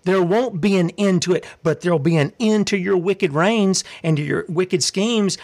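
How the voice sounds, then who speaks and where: Fiery, somewhat high-voiced male preacher. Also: normal speed, few pauses, darkish tone. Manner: fiery, confrontational preaching with rhetorical questions; reads scripture aloud. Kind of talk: sermon.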